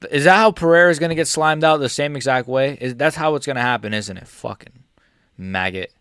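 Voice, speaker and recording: A young man reacting live to a fight for his viewers, swinging between yelling insults and muttering in frustration, swearing heavily and talking to viewers by name. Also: fairly high pitch, fast, clear, resonant tone, dry recording, studio quality. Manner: swings between angry shouting and muttered grumbling, heavy swearing. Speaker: MMA streamer reacting live.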